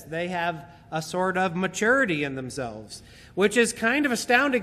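A man preaching a sermon, slowly and emphatically explaining a Bible passage and repeating key phrases. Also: high-pitched, bright, forceful tone. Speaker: pastor. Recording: hall reverb.

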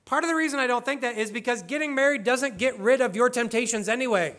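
A man's voice: very high-pitched, quick pace, fairly bright tone. A man preaching a sermon, explaining scripture in an earnest, conversational way with casual asides. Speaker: pastor.

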